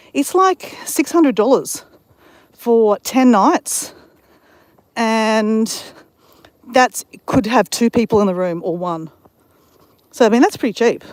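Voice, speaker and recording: A woman's voice: mid-range voice, darkish tone, no echo. A woman chatting on a live stream while out on a bush walk, rambling and greeting viewers in the chat, on a handheld phone mic. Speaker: vlogger.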